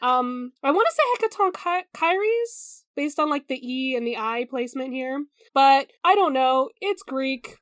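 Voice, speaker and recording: A woman's voice: sits high, expressive, normal speed, few pauses, no echo, clean studio sound. A woman co-hosting a podcast in casual chat, rambling and stumbling over hard names. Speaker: podcast co-host.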